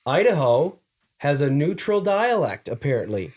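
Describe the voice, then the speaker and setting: A man co-hosting a casual podcast, reading out trivia facts slowly and joking with friends. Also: fairly high pitch, very animated, a little mellow. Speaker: podcast co-host. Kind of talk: casual chat.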